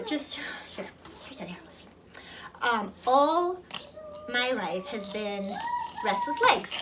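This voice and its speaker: A woman and mother giving a heartfelt review to camera, earnest and emotional, rambling with fillers. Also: high voice. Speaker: product reviewer, mother of toddler twins. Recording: distant mic with clear background noise.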